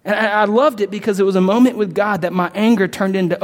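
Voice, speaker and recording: Young guy preaching, high voice, big echoey church hall, gets fired up and loud. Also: lively intonation, quick pace. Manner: impassioned storytelling, rising to near shouts. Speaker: pastor. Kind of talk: sermon. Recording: reverberant hall.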